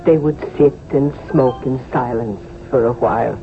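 A man narrating a radio drama in a calm, measured storytelling voice. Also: mid-range voice. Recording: tinny old radio broadcast with music.

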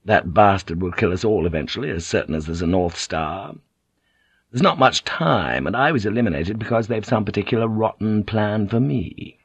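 A man narrating an audiobook in a measured, even manner. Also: lowish voice, husky, no room sound, muffled recording. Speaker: audiobook reader. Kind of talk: scripted narration.

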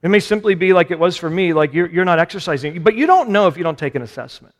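A man's voice: high voice, lively intonation, fast. A male pastor giving a conversational sermon, poking fun at himself and putting questions to his listeners. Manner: conversational, self-deprecating, rhetorical questions to listeners. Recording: long reverb of a large hall.

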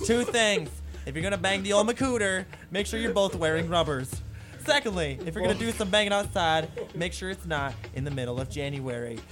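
A man's voice: sits high, fairly quick, music in the background, close to an everyday voice. A man playing a rude young man who mocks and insults everyone in a comedic rant. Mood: snide. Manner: snide, insulting, mocking.

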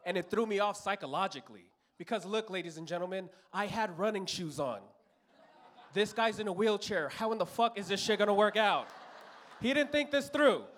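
A man's voice: high-pitched, animated, a little fast, fairly bright tone. A man from Los Angeles in his thirties telling a profane stand-up story on a comedy club stage, acting out other people's voices.

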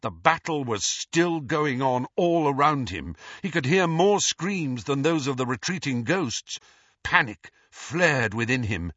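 A man giving a dramatic, expressive audiobook narration. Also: mid-range voice, unhurried, dry recording, lo-fi sound. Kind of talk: scripted narration.

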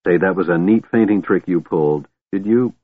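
A man's voice: low voice, normal speed, no echo. A man voicing a cheerful, fearless small male kender who talks in a chatty, boastful way. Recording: tinny, dry, phone-like sound.

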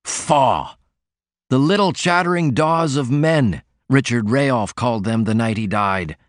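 A man's voice: medium pitch, measured pace, dry recording, clean studio sound, natural voice. A man voicing an ailing, sardonic male poet who speaks with scornful, passionate declamation.

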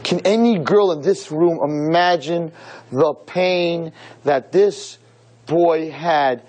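A rabbi preaching a sermon to young women, telling a story dramatically and rising to shouts. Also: male voice, on the high side, poor audio. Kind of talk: sermon to girls.

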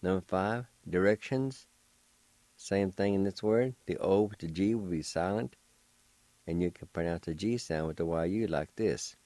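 A man's voice: sits low, normal speed, dark tone, no echo. A man teaching words on the radio, spelling them out patiently letter by letter. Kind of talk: slow spelled-out language lesson.

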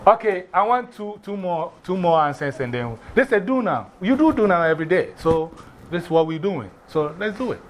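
A man's voice: sits high, fairly quick, a little hiss or hum. African-accented male teacher addressing his class. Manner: animated, asks the class questions.

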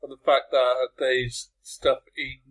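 Male podcast panelist, casual and rambling, mid-pitched. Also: flat delivery, slow pace, a bit bright, poor audio. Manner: rambling, loses his train of thought. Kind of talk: casual chat.

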